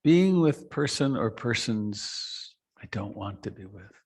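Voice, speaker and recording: A middle-aged man giving a reflective meditation talk, slow and soft, with long pauses and trailing lines. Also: lowish voice, animated, slightly rough. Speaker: meditation teacher. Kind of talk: dharma talk.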